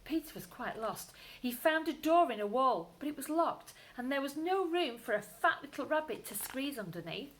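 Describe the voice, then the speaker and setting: A woman, a primary school teacher, reading a bedtime story aloud to children, expressive, with whispered asides. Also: sits high, normal speed, hardly any pauses, rough recording.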